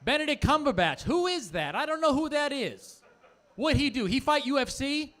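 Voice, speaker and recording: A stand-up comedian voicing a loud, clueless man from New Jersey who has never seen a movie, with a put-on New Jersey accent and baffled questions. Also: extremely high pitch, very animated, moderate pace, pitched above the performer's own voice, full character voice.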